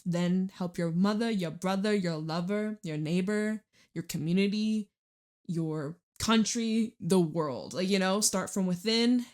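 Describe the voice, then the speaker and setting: Chatty woman reading tarot, slightly low voice. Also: darkish tone. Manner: chatty, emotional, swears casually. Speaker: tarot reader. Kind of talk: casual tarot reading monologue.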